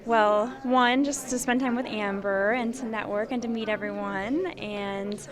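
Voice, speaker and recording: A young woman from Chicago, an actress and model, agreeable and quick to say yes. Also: fairly high pitch, steady tone. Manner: agreeable, frequent "yes" and "mm-hmm". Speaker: actress and model, interview guest. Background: crowd chatter.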